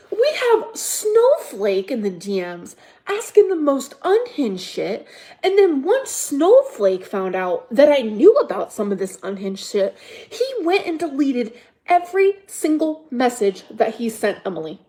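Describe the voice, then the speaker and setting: A woman ranting to her livestream chat, defensive and exasperated, throwing the same rhetorical question again and again. Her voice sits a bit high but sounds mellow and soft-edged, and she swears often. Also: big pitch swings, measured pace. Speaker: livestream host.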